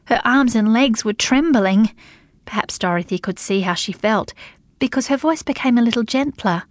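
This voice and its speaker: A woman's voice: a little high, moderate pace, dry recording. Woman narrating an audiobook, dry sound. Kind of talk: scripted narration.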